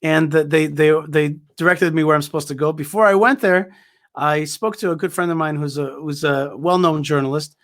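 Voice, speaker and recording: A man with a slightly raised voice tells a story in conversation. He is emphatic and forceful in his points, often repeating words and restarting his sentences as he goes. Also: on the high side, normal speed. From Israel. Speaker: guest speaker.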